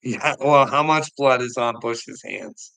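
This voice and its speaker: Gravelly, heated middle-aged man ranting. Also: medium pitch, takes it slowly, sharp tone, dry recording, poor audio. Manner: heated, profane, laughs often. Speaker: livestream host talking to chat. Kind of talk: casual livestream rant.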